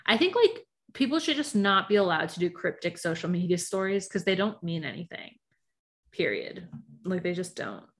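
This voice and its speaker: A young woman co-hosting a podcast in casual chat, blunt and quick to swear, laughing often and filling with "like". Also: on the low side, sing-song, a bit bright. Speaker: podcast co-host.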